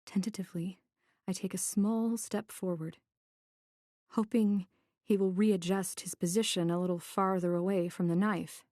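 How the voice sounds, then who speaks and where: A woman's voice: medium pitch, fairly even intonation, normal speed, mellow, no echo, studio quality. Woman narrating a tense thriller. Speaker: audiobook narrator. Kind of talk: first-person thriller narration.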